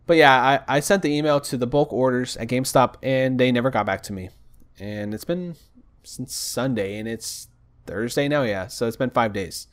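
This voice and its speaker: A man's voice: medium pitch, clear, resonant tone. Exasperated man ranting to camera. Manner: exasperated, retells calls with mimicked voices. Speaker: vlogger. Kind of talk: casual storytelling rant. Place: home desk.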